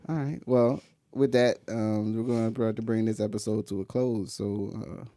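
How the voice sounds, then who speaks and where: A man's voice: on the low side, fairly even intonation, moderate pace, mellow, no echo. A middle-aged man hosting a podcast, chatting with his son in an encouraging, teasing way. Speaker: podcast host. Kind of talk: casual father-son chat.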